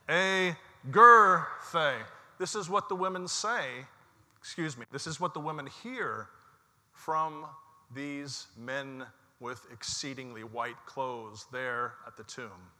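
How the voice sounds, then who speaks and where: A man preaching an Easter sermon as pastor, telling the story slowly and leading his congregation in call-and-response. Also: mid-range voice, bright, forceful tone, long reverb tail. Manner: slow, measured storytelling with call-and-response prompts. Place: church sanctuary.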